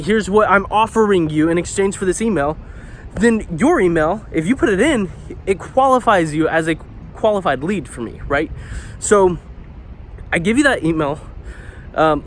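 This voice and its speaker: A man's voice: high voice, slight background noise. A web designer and marketer talking casually while he paces, a little out of breath, with lots of fillers. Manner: conversational, lots of fillers and "right?". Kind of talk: casual explainer monologue.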